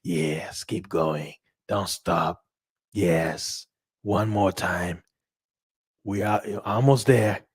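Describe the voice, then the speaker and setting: A man putting on a smooth casino voice that tempts a gambler along. It sits far below his usual pitch and comes out low and hushed, gently coaxing the listener to keep betting. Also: extremely slow, long pauses, dry recording, studio quality, full character voice. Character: smooth, tempting male casino voice urging more bets.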